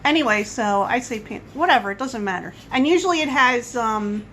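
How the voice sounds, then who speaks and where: A woman vlogger chatting casually at home, wandering from one tangent to the next. Her voice sits a little high and very bright, with a faint hiss of background noise. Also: lively intonation, brisk, low-quality recording. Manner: rambling, chatty, goes off on tangents. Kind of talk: casual coffee-chat monologue.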